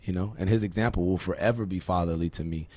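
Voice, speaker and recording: A man's voice: sits low, quick pace, darkish tone. A man from Virginia hosting a podcast, talking emphatically in a rambling way, swearing and asking rhetorical questions. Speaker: podcast host. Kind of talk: casual podcast conversation.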